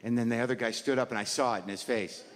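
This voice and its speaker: A middle-aged man doing a neurotic, rambling stand-up routine on a club stage, exasperated and prone to sudden shouted outbursts, with audience laughter behind him. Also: mid-range voice, fairly even intonation, fast talker. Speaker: stand-up comedian. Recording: live club recording with long reverb and noise.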